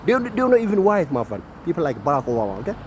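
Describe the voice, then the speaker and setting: Ranting man, lively pitch. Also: very fast, slight background noise. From Horn of Africa. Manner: rambling, repeats "my friend", swings loud and soft. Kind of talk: ranting monologue.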